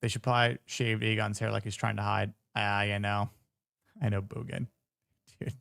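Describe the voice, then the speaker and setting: A man's voice: fairly low pitch, little pitch movement, moderate pace, vocal fry, fairly bright tone, no echo, studio quality. A man giving casual reaction commentary on a TV episode, blunt, profane and joking. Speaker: show reviewer.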